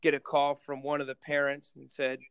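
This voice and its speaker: A man with a smooth, resonant voice pitched a little high tells a long story in a relaxed podcast chat. He rambles and restarts, filling pauses with ums and uhs. The sound is dry and close. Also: no echo. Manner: rambling, many fillers and restarts. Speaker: guest basketball coach. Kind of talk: casual storytelling in a podcast interview.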